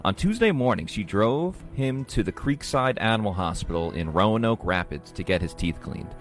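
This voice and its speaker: A man reading a news story in a measured, even way. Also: fairly low pitch, soft background music. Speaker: news reader.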